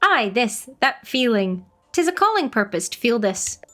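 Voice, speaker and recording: A woman voicing a quaint forest dweller who talks in old-fashioned, rambling phrases, in a lively voice. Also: fairly high pitch, moderate pace, soft background music. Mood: dreamy.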